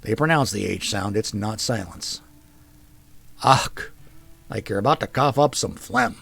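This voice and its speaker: A man's voice: fairly low pitch, moderate pace, creaky, a bit bright, breathy edge, full character voice. A man playing a patient soldier brother tutoring. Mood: patient, teaching. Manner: patient, explanatory.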